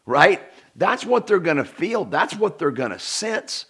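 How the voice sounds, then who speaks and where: A middle-aged man delivers a personal development talk straight to the viewer. He is emphatic and earnest, repeats words to drive points home, and his voice swings widely between loud peaks and quiet drops. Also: fairly high pitch, big pitch swings, unhurried, gravelly, breathy edge. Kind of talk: direct-to-camera self-help talk.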